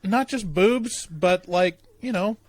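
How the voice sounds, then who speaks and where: A man's voice: sits high, slow. A man co-hosting a podcast, bantering easily in casual chat. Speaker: podcast co-host.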